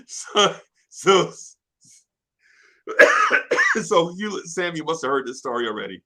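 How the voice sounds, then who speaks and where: High, bright-voiced man telling stories. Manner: animated, slangy, laughs through his story. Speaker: podcast storyteller. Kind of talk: casual chat, storytelling.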